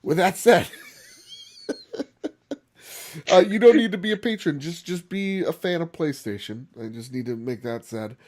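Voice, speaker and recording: Animated male podcast host. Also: on the high side, unhurried, long pauses. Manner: animated, rambling, laughs often. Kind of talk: casual podcast chat.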